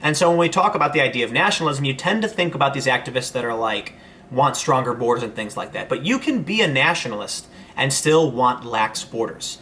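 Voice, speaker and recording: A man's voice: mid-range voice, expressive, brisk, pushed and bright, slight background noise. A man, hosting a casual livestream and answering viewer messages in a rambling way, full of fillers and restarts. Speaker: host reading viewer chat.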